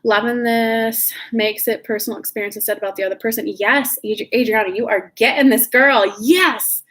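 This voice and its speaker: A woman's voice: fairly high pitch, steady tone, normal speed, fairly bright tone. A woman coaching live-stream viewers in a casual, chatty way, greeting them by name and swearing freely.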